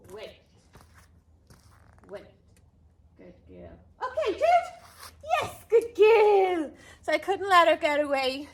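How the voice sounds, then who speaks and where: A woman explaining dog training step by step in a calm, unhurried way, now and then calling her dog in a high sing-song voice. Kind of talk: outdoor dog training lesson.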